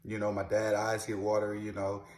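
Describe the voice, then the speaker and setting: A man's voice: fairly low pitch, monotone, a little fast, a little mellow. Roomy-sounding man telling his story loosely. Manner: loose, heavy with "you know" and "man", many repeated words. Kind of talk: casual personal storytelling to camera. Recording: roomy echo.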